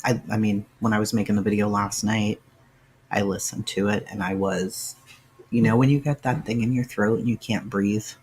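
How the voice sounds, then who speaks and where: A man's voice: lowish voice, steady tone, normal speed, a little mellow, husky. A man hosting a casual livestream, answering viewers' chat by name and sounding emotional and sighing as he talks. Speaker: livestream host.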